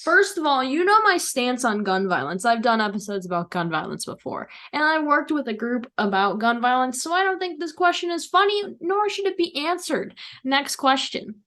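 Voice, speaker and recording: Young woman host, kinda high voice, bossy and teasing, casual chat on a call. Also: animated, moderate pace, hardly any pauses, fairly bright tone. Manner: bossy, teasing, brushes questions off. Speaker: podcast host.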